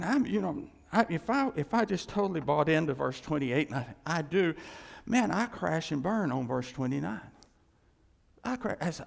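Male pastor mid-sermon, high and lively pitch, animated with hushed asides, church hall reverb. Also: normal speed, creaky. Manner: animated preaching, acting out quoted voices, hushed asides.

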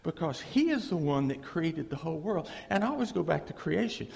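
A man preaches an informal sermon in a folksy, lively way. His voice sits high and gravelly and swings widely in pitch. A long hall reverb trails after his words. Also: brisk. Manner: folksy, animated, acts out dialogue, chuckles often.

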